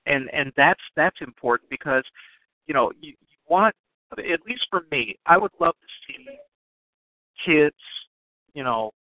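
A man's voice: on the high side, sing-song, no echo. A man hosting a radio interview, speaking casually and repeating words as he frames his questions. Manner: halting, repeats words while framing questions. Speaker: radio show host. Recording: tinny phone line, dry.

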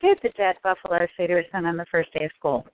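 A woman's voice: fairly low pitch, steady tone, fast talker, no room sound. A woman on a group call reciting affirmations and sharing a joke, earnest, with some hesitant restarts. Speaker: call participant. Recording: dry tinny phone line.

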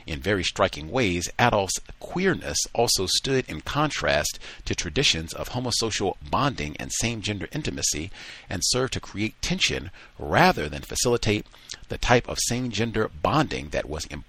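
A man hosting a call-in talk show, reading a passage aloud and then chatting in relaxed asides. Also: sits low, normal speed, husky. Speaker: radio talk show host.

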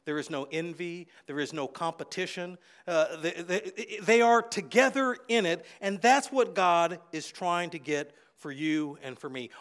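A middle-aged man delivering a sermon from the pulpit in a high, lively voice. He tells stories with folksy repetition and swings from quiet, low asides to loud, raised bursts. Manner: animated storyteller, big swings in loudness and pitch; folksy, repeats phrases for emphasis. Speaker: pastor.

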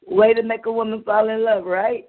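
A woman's voice: fairly high pitch, steady tone, normal speed. A woman reading her spoken-word poetry with a dramatic, rhythmic delivery, heard over a phone call. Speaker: open mic host and poet. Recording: tinny phone line.

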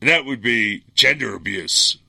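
A man's voice: mid-range voice, lively intonation, moderate pace, creaky, pushed and bright. A middle-aged man hosting a political talk radio show, ranting in a blunt, angry, combative monologue.

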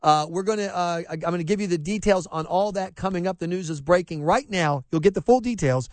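A man hosting a talk radio show, brash and energetic, giving his opinions. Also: high voice, fairly quick, no echo. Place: radio studio.

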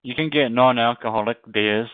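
A man on an online group call, making calm, dry remarks. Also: medium pitch, normal speed, no room sound, narrow, tinny audio. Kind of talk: casual group chat.

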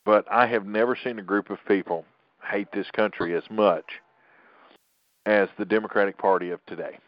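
A man's voice: lowish voice, steady tone, moderate pace, dry recording, dull audio. A middle-aged man hosting a political podcast, talking in an opinionated, rambling way with frequent restarts. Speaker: podcast host.

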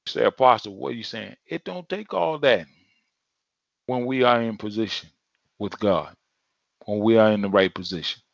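A man's voice: fairly low pitch, moderate pace, vocal fry, pauses often, dry recording. A man preaching a sermon in a conversational, emphatic way, repeating phrases for effect. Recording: dull lo-fi sound.

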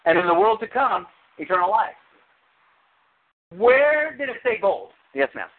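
A man preaching a sermon as pastor, animated, with sudden high exclamations. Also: a little slow. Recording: tinny phone-like sound.

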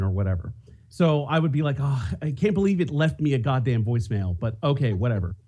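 A man's voice: medium pitch, expressive, brisk, mellow. A man co-hosting a podcast, telling a rambling story in casual chat with many restarts. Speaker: podcast co-host.

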